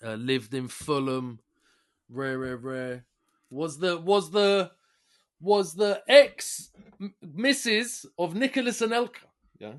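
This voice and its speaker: A young man with a London accent telling rowdy stories on a casual podcast, swearing freely and jumping between loud and quiet. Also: takes it slowly. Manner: animated, swearing, big jumps in pitch and loudness. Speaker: podcast co-host. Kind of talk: casual storytelling chat.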